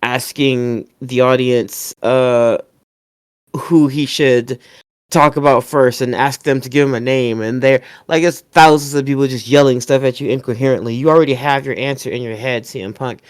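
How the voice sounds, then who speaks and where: A man hosting a podcast, chatting casually in an animated way, swearing freely and often laughing. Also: medium pitch, normal speed, clear, resonant tone, no echo, clean studio sound. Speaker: podcast host. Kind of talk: casual wrestling review chat.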